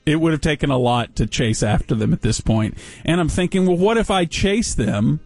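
A man telling a story on a casual talk show, wry and deadpan, with dry sarcasm. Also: a little high, moderate pace, gravelly, faint music behind.

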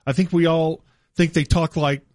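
A man hosting a radio talk show, arguing his point in an animated, casual way. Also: fairly high pitch, moderate pace, no room sound, studio quality. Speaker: radio sports talk host. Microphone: studio mic.

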